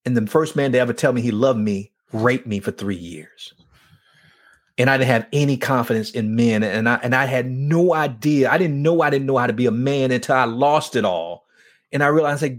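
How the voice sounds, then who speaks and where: On his faith talk show, a host who also leads a men's ministry earnestly relates an emotional testimony from his own life, acting out the conversations. His voice is mid-range and fairly quick.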